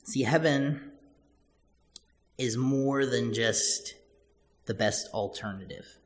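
A man's voice: medium pitch, slow pace. A man preaching a sermon as pastor, earnest and repetitive, building points through repeated phrases. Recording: long church-hall reverb.

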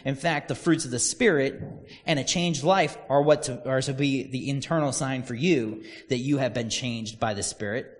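Conversational preacher in a reverberant hall. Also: male voice, medium pitch, normal speed. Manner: conversational, storytelling with quoted voices. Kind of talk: casual sermon.

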